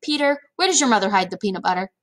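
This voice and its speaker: A woman's voice: mid-range voice, lively intonation, rapid-fire, a bit bright, close to an everyday voice. A woman reading aloud, voicing a cheerful father who cooks for his sons with an upbeat, coaxing manner. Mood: flustered.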